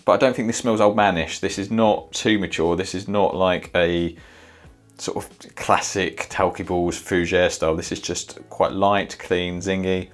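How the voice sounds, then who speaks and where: Deep-voiced male reviewer, hesitant, thinking aloud, faint music bed. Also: fairly even intonation, measured pace. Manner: sniffs and reacts in the moment. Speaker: fragrance reviewer. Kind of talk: casual product review.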